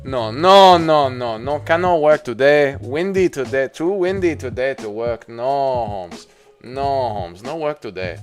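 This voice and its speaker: A man's voice: medium pitch, lively intonation, unhurried, soft background music, close to an everyday voice. A man putting on a Mexican accent to play a man who keeps making excuses not to work, speaking in broken English. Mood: stubborn. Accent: put-on Mexican accent.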